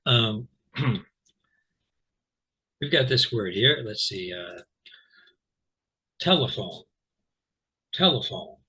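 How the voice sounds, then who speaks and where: Man, English pronunciation teacher, husky bright voice, chatty, repeats words. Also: fairly low pitch, expressive, slow pace, pauses often, low-quality recording. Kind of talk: casual explanatory lesson.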